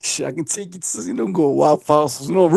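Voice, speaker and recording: A man's voice: fairly high pitch, huge pitch swings, moderate pace, creaky, no room sound. A man telling a long story casually on a podcast, acting out the voices and laughing often.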